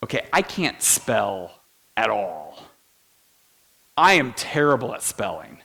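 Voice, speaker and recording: Bright-voiced man preaching a story. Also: on the low side, takes it slowly, vocal fry, slightly rough. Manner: animated storytelling, laughs at himself. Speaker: pastor. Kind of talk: sermon with personal story.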